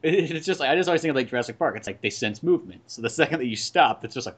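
A man co-hosts a laid-back podcast, talking at a brisk clip. His voice sits a touch high for a man. He laughs a lot and drops into playful voices when he quotes people. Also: lively intonation, breathy edge. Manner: chatty, laughs often, acts out quoted voices. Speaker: podcast co-host. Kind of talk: casual chat.

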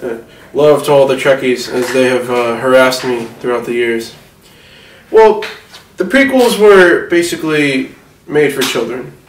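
A man's voice: medium pitch, expressive, a little slow, roomy sound, distant mic, slight background noise, natural voice, rough recording. A man playing a rambling, self-important older film mogul in a satirical mock interview, distracted and defensive.

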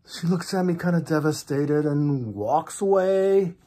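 Husky older man telling a wry story. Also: fairly high pitch, moderate pace, hardly any pauses. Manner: wry, deadpan storytelling with asides. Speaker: vlogger. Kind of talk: personal anecdote.

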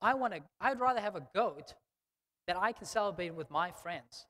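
A man's voice: high voice, animated, normal speed, pushed and bright. A man voicing a resentful older son who speaks in an indignant, scolding way. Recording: long church reverb.

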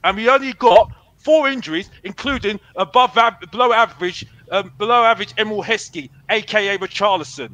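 Brash high-voiced football fan. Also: male voice, brisk, hardly any pauses, pushed and bright, low-quality recording. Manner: brash, boastful, repeats himself, calls himself Mister Box Office. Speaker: football fan caller on a fan show. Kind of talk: heated fan debate.

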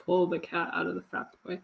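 A woman's voice: fairly low pitch, creaky, fairly bright tone, slight background noise. A woman teaching artist chatting casually while painting, self-deprecating and laughing often. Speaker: teaching artist doing a demo.

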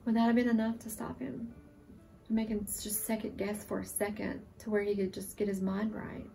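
A woman in her forties, a surviving military spouse, giving an emotional, earnest testimonial, sometimes halting. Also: medium pitch, completely flat delivery, creaky, dark tone, recorded from a distance, soft background music. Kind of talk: testimonial interview.

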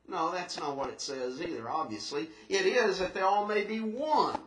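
A man preaching a sermon in a church, earnest and emphatic, slowing down to stress scripture and rising into questions. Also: on the high side, lively intonation, a bit bright, recorded from a distance. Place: church sanctuary. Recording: echoey church recorded from afar.

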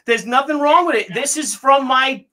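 Bright, excited man hosting. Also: very high voice, moderate pace. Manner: excited, teasing, keeps stalling with "hang on". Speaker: host. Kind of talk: casual family chat.

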